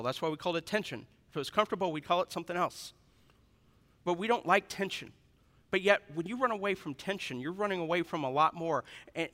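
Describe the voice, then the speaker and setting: Bright-voiced man preaching in a big hall. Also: high-pitched. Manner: dynamic preaching with humor, swings between loud and hushed. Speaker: pastor. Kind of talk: sermon. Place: large church hall. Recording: reverberant hall.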